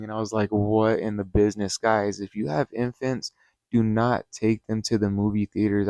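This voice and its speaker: A man with a low-pitched voice gives a casual story-time review as the host of his channel. He rambles and gets heated, swearing often and filling gaps with "you know". The sound is dry and close, with no room echo. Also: a little mellow, clear, resonant tone.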